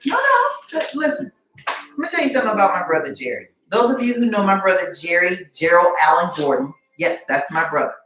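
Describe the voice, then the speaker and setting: A woman's voice: lowish voice, very animated, a little fast, a bit bright. A middle-aged woman hosting a casual live cooking stream from her home kitchen, teasing and chatting with viewers by name. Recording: echoey kitchen.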